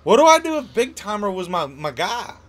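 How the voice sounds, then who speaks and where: A man co-hosting a casual gaming podcast, emphatic and animated, asking rhetorical questions. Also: sits high, brisk. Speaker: podcast co-host.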